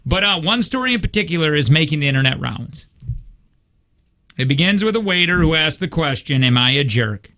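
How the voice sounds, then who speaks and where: A man's voice: fairly high pitch, big pitch swings, brisk, bright, forceful tone. A man hosting a radio show, joking around and reading a story aloud with asides.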